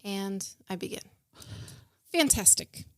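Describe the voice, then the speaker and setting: A woman's voice: mid-range voice, expressive, slow, dry recording, clean studio sound. A woman voicing a fussy middle-aged female film editor, reading a listener review in character. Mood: cheerful. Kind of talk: podcast character bit.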